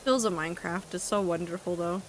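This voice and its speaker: A woman's voice: lowish voice, fairly even intonation, a little fast, slight background noise, low-quality recording. A woman streaming a game, chatting casually with her chat in a wry, talkative way and swearing now and then. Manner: chatty, wry, reacting to chat with asides and profanity.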